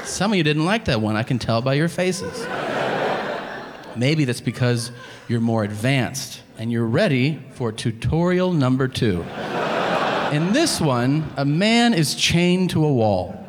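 A man performing a stand-up comedy set, animated and shouting out punchlines, on a club stage. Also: mid-range voice, measured pace, noisy background. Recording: live club with long reverb and audience.

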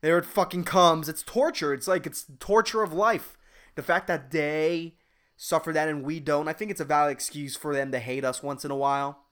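A man's voice: on the high side, fairly even intonation, moderate pace, a bit bright, smooth. Profane rambling man hosting a podcast. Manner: profane, rambling, laughs at own jokes. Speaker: podcast host. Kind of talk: casual solo podcast rant.

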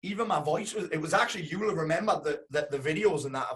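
A man's voice: fairly high pitch, lively intonation, fast. Emphatic man swearing in podcast chat. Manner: emphatic, frequent swearing, says "dude". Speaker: business coach, podcast guest.

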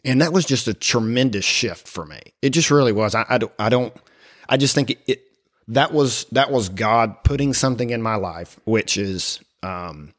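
A middle-aged man sharing his personal faith story in conversation, speaking haltingly with many fillers and restarts. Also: mid-range voice. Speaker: guest.

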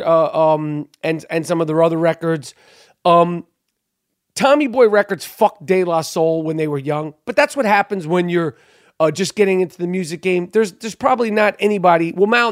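A man in his forties hosting a podcast, ranting loudly and cursing often in an exasperated monologue. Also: high voice, dry recording, studio quality. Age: 40s. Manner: loud, cursing, exasperated rant. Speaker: podcast host.

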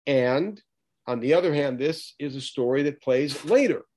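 A man's voice: a little high, expressive, normal speed, darkish tone. A man teaching a lesson on scripture, posing rhetorical questions and acting out the quoted lines. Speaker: Bible teacher. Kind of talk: lecture on scripture.

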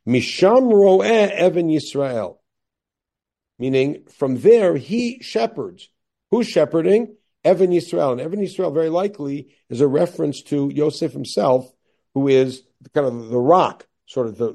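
A man who teaches as a rabbi, lecturing on a Bible text. He explains step by step, asks himself questions and answers them, and reads the old verses slowly before he explains them. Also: on the high side, dark tone.

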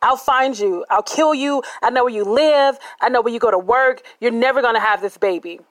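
A woman voicing an angry man who denies and threatens her, in a shouting, menacing manner, inside a spoken true story. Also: a little high, brisk, no echo, natural voice. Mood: threatening.

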